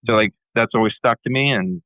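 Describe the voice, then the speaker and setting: A man's voice: medium pitch, brisk, no room sound, narrow, tinny audio. A man in a casual interview telling a long personal story, rambling and often repeating his words. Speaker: band leader and musician.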